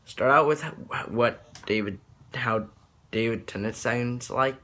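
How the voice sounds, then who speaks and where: A man's voice: medium pitch, slow pace, bright, forceful tone, a little hiss or hum. A young man giving a casual tutorial, rambling and hesitant. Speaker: vlogger.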